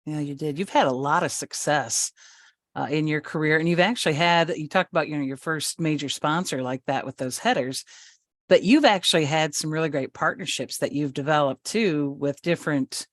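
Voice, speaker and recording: Podcast host asking winding questions. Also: female voice, deep voice, normal speed, dry recording, clean studio sound. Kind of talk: interview questions.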